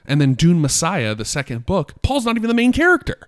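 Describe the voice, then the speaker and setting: A man co-hosting a podcast, talking excitedly and rambling, with many fillers. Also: on the high side, fast. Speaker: podcast co-host. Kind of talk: casual chat.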